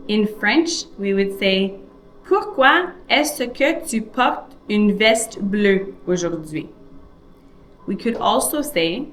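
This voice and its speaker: A woman teaching a beginner French lesson, reading example questions and repeating them slowly for learners. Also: medium pitch, animated. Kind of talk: slow, deliberate language lesson.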